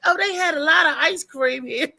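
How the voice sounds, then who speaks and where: High, bright animated woman chatting. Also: moderate pace, gravelly. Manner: animated storytelling with frequent restarts and laughter. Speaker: co-host. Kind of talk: casual livestream chat.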